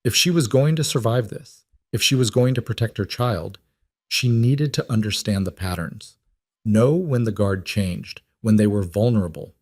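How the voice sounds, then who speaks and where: A man reading a story as narrator, in a steady, measured way, close to the microphone. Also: lowish voice, no room sound. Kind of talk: scripted audiobook narration.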